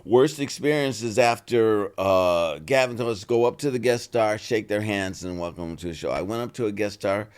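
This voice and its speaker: Older male actor, animated interview storyteller. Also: lowish voice, moderate pace, hardly any pauses, clear, resonant tone. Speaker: actor guest.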